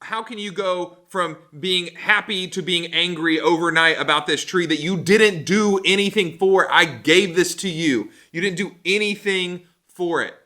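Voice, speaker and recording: A man's voice: sits high, unhurried, few pauses, sharp tone. A man acting out God as a playful, scheming figure, talking in a chatty, teasing way. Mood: scolding. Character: playful, scheming male God, joking around.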